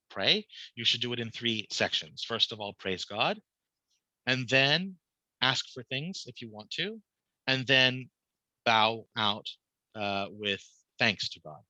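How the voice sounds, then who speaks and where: A man's voice: mid-range voice, sharp tone, no echo, low-quality recording. A man, a cantor, teaching a class casually, explaining prayer translations and questioning his students.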